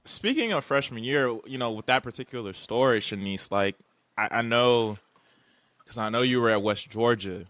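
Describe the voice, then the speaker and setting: A young man in his twenties hosting a casual interview, relaxed and slangy, rambling through his questions with restarts. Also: medium pitch, normal speed, no room sound. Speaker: podcast host.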